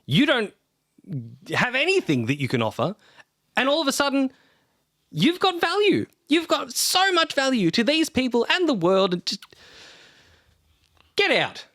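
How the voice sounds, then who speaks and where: A game master voicing a bitter, furious young woman who accuses her guardian in a sharp, cutting way. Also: mid-range voice, sing-song, fast talker, no room sound, clean studio sound, pitched above the performer's own voice.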